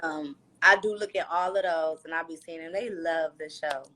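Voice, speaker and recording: A woman's voice: low voice, normal speed, pushed and bright. Woman in candid casual chat. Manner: candid and loose, with slangy fillers. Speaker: reality show star being interviewed. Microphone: phone livestream.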